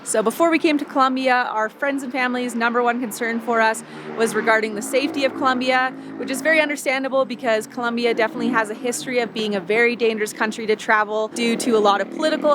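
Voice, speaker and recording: A woman's voice: on the high side, background noise. A woman travel vlogger talking in a chatty, upbeat way about her trip. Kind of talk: casual travel vlog.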